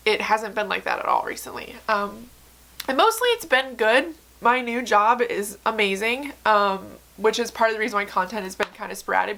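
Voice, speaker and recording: A woman's voice: medium pitch, creaky, bright, forceful tone. A young woman in a candid, emotional chat to camera, talking earnestly with many fillers and some swearing. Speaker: book vlogger.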